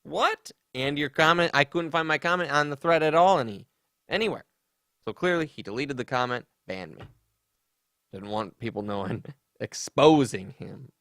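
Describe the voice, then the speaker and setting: A man's voice: a little high, normal speed, fairly bright tone, no room sound, clean studio sound. A man hosting a comedy podcast, chatting casually and mockingly about online drama. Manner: sarcastic, mocking, with sassy put-on voices for quotes. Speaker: podcast host.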